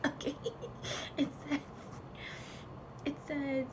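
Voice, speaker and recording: A woman's voice: fairly low pitch, little pitch movement, a little slow, creaky, background noise. A young woman reading a classic novel aloud and breaking off for chatty, blunt commentary. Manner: chatty, blunt, swears and laughs. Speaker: book vlogger reading aloud. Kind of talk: casual reading vlog with commentary.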